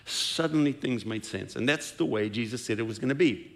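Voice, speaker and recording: A man preaching a sermon as pastor, retelling scripture scenes in an animated storytelling way. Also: mid-range voice, fairly quick.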